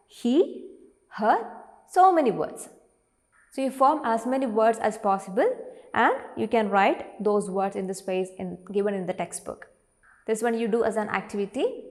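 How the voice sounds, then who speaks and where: A woman teacher with an Indian English accent, speaking in a fairly high voice. She draws words out slowly to show their syllables and answers her own questions to the class. Her voice carries a long reverberant tail, as if recorded in a large hall. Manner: slow, drawn-out pronunciation of words when showing their syllables; asks the class questions and answers them herself. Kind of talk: online classroom lesson.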